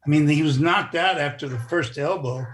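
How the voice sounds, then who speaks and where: A man's voice: a little high, normal speed, a bit bright. An older man, a former wrestler, telling stories in a rambling, casual interview. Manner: rambling, restarts, chuckles.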